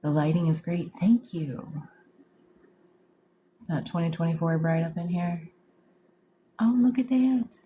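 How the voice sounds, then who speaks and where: A woman's voice: on the low side, a little slow, pauses often, warm tone, a little hiss or hum. A woman hosting a live stream as a psychic medium, chatting casually in slang, greeting viewers and laughing often. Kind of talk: casual livestream chat.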